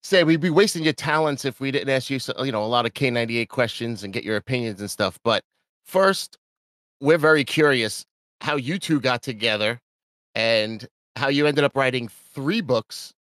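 A male host leads a casual chat, full of eager questions and quick laughs. His voice sits at a middle pitch. The sound is dry and close. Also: a bit bright, no room sound. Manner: eager, curious questioner who laughs easily. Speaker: podcast host.

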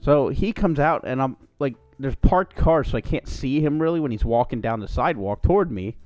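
A man's voice: medium pitch, lively intonation, normal speed, darkish tone, dry recording, faint music behind. A man co-hosting a podcast, telling a long profane story in casual chat and putting on quoted voices. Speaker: podcast co-host.

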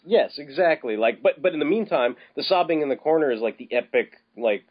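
A podcast co-host chats casually about a film, rambling, restarting a lot and swearing offhandedly. His voice is a little high, expressive and fairly quick. The lo-fi podcast audio sounds slightly dull.

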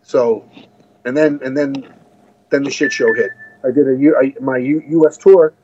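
A man's voice: medium pitch, steady tone, moderate pace, background noise. Rambling American man on dull audio. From United States. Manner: rambling, many restarts and asides. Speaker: guest musician. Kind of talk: casual interview storytelling.

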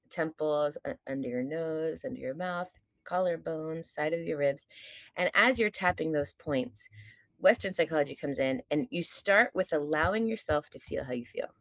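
A woman's voice: sits low, dry recording. A woman podcast guest and stage performer talking in casual chat, earnest, reflective and openly candid, now and then swearing.

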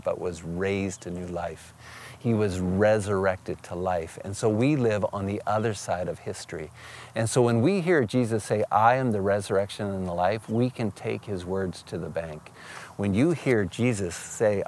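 A man's voice: sits low, a little mellow. A middle-aged man preaching a conversational sermon, reading scripture aloud and then speaking personally to the congregation. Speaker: pastor.

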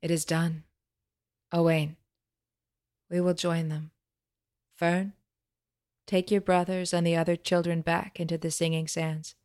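A woman's voice: on the low side, little pitch movement, a little slow, long pauses, a little mellow, natural voice. A woman doing a weary, grave rebel mother. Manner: grave, commanding.

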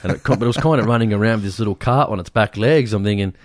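A man co-hosting a podcast, chatting casually and retelling stories with lively mimicry. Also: racing, dry recording, studio quality. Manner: animated storyteller, mimics people in high voices. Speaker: podcast co-host.

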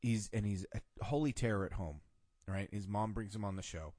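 A man's voice: on the low side, normal speed, dark tone, dry recording, studio quality. A man hosting a podcast in casual chat, blunt and profane with strong opinions. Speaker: podcast host.

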